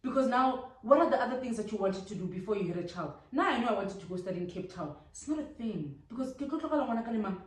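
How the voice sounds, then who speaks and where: A woman's voice: on the high side, animated, racing, hardly any pauses. A young adult woman, co-hosting a casual chat and repeating her points emphatically. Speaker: podcast co-host. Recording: echoey room from far off.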